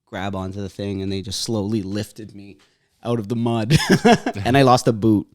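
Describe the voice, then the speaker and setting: A man's voice: lowish voice, steady tone, moderate pace. A young adult man, a comedian guest, telling rambling stories in casual comedic chat and trailing off with laughs.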